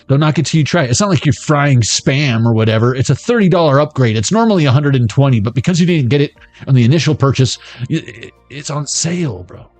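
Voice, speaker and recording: A man rambles through a tarot reading, swearing freely and cracking himself up. His voice sits at an ordinary pitch in a dry, close-sounding space, with faint music playing behind him. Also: animated, fast talker, darkish tone, no room sound. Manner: profane, joking, rambling, laughs at own jokes. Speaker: tarot reader. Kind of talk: casual tarot reading vlog.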